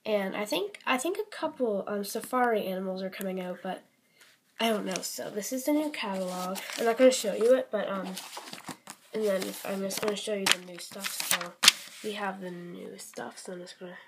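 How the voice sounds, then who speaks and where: A woman's voice: mid-range voice, moderate pace, a little hiss or hum. A young woman in her teens from Canada, showing off new toys in a casual, rambling vlog full of ums, likes and little apologies. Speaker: toy collection vlogger. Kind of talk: casual show-and-tell vlog.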